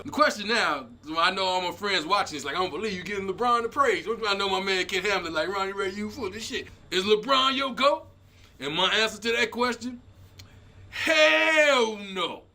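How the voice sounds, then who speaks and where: A man comedian hosting his own show, telling stories in an animated way, acting out the people he quotes and shouting at the big moments. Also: high voice. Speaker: comedian host. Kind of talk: energetic stand-up style commentary.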